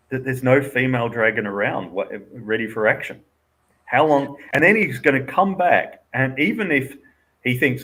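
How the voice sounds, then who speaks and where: A man's voice: medium pitch, animated, moderate pace, bright, forceful tone. A man co-hosting a casual livestream, talking through game scenarios in a thoughtful, analytical way and laughing often. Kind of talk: casual chat about tabletop games.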